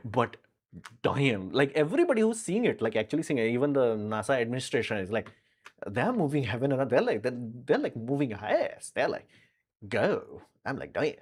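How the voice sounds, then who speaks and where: A man hosting a casual live stream, answering viewer questions in a frank, rambling way full of fillers. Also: mid-range voice.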